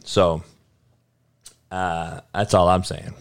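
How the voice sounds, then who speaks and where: A man's voice: low-pitched, flat delivery, extremely slow, no room sound, studio quality. A man hosting a livestream, talking to his chat in a heated, profane way, firing off rhetorical questions and often stumbling over restarts. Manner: frequent restarts and stammered repeats. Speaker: livestream host. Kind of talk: casual livestream talk answering chat.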